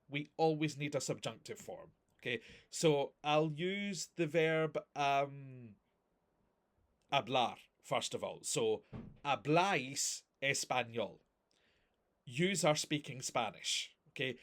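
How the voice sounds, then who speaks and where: Male language teacher, mid-range voice, steady class review. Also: mid-range voice. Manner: patient, explaining step by step with frequent "okay?". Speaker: Spanish teacher.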